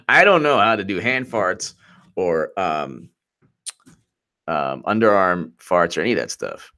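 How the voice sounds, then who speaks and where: Man, political livestream host, low-ish voice, lively pitch, rambling, mocking, laughs a lot. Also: slow pace, pauses often. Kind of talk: live-streamed political commentary.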